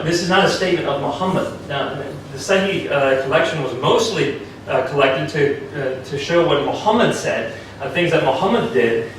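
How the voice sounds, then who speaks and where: A man giving a formal debate speech, arguing and citing sources one after another, with his pitch jumping up on key points. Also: a bit bright, slight background noise. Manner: argumentative, citing sources in quick succession. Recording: echoey hall, distant mic.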